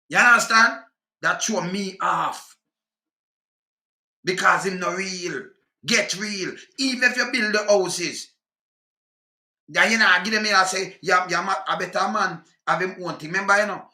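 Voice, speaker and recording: A man's voice: high-pitched, pushed and bright, roomy sound. A Jamaican man in a heated, profane political rant, talking in patois and repeating himself. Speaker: commentator.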